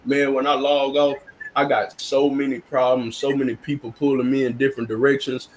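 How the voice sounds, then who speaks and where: A man's voice: medium pitch, level tone, fairly quick, slight background noise, poor audio. A man speaking bluntly and earnestly in casual live-stream chat, often restarting and repeating words.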